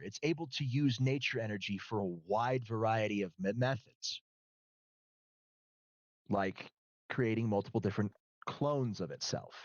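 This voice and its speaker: A man's voice: medium pitch, dry recording, dull audio. A man acting as game master in a streamed tabletop role-play, patiently explaining the rules.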